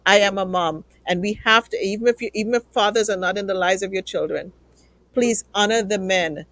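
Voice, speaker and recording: A woman's voice: medium pitch, brisk, fairly bright tone, no echo. A woman hosting a live talk show, earnest and emotional as she thanks guests and pleads with viewers.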